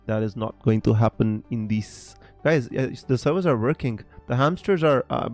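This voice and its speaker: This is a man hosting a fantasy football live stream, talking casually to his chat. He is theatrical and quick to laugh, swinging into loud exclamations. Faint music plays in the background. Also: medium pitch. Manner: excitable, dramatic, laughs and exclaims often.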